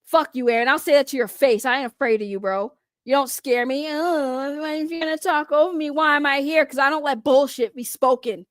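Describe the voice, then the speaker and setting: High-voiced woman ranting, heated and profane. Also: brisk, no room sound, clean studio sound. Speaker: commentary vlogger. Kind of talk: reaction commentary rant.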